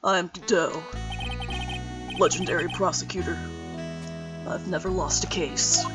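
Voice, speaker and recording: A woman's voice: fairly low pitch, fairly even intonation, a little slow, recorded from a distance, over loud music, voice pushed down, close to an everyday voice. A woman doing a smug arrogant prosecutor. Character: cocky, arrogant rookie male prosecutor. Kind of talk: fan voice-over of a game.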